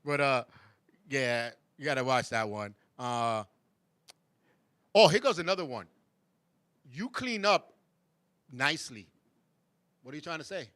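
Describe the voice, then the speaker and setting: A man's voice: mid-range voice, expressive, moderate pace, long pauses, a bit bright, clear, resonant tone, no room sound, studio quality. A man hosting a show, chatting casually, laughing often and mimicking people in sing-song voices. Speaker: show host. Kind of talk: casual chat.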